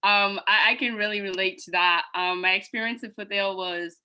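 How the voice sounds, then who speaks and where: A woman speaking English as a second language, sharing her college experience on a panel in a soft, hesitant way with many fillers. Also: mid-range voice, fairly even intonation, moderate pace, clean tone, rough recording. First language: not English. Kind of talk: casual personal account. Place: video call.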